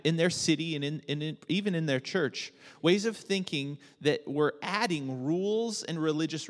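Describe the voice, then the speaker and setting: A man preaching a sermon as pastor, relaxed and joking, with many fillers and restarts. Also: a little high, big-room sound.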